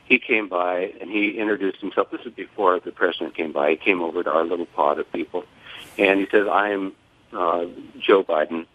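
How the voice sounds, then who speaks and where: An older man and grieving father speaking on a phone-in interview, measured, formal and deliberate. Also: low-pitched, steady tone. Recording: tinny phone line.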